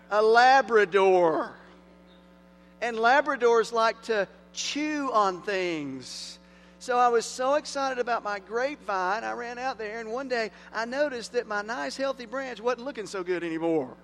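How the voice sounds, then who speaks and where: Male pastor, high voice, earnest sermon delivery swinging loud to hushed, faint mains hum behind. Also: moderate pace. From moved to Tennessee from Las Vegas.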